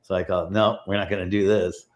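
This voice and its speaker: A middle-aged man with a fairly low voice tells backstage stories in a loose, rambling way. He restarts his sentences often and slips into the voices of the people he quotes. The feel is relaxed interview talk. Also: brisk. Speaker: guest, prop master. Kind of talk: casual interview storytelling.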